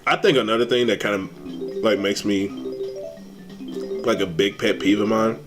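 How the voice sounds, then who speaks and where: A young man streaming games, ranting in a casual, animated way, swearing and exasperated. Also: fairly low pitch, moderate pace, music in the background. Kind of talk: casual rant while gaming.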